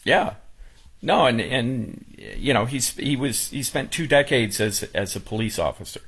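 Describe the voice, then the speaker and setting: A man's voice: medium pitch, expressive, a little slow, fairly bright tone, slightly rough. A man on a radio talk show, speaking casually with many restarts and fillers, emotional as he recalls a funeral.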